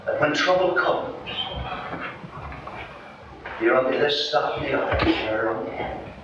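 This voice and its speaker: An older man with a Northern Irish accent preaching a storytelling sermon at a gospel mission, animated and folksy. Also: mid-range voice, unhurried. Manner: animated, folksy storyteller who acts out voices. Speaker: evangelist minister. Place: mission hall at a gospel campaign. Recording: distant echoey hall, dull and hissy.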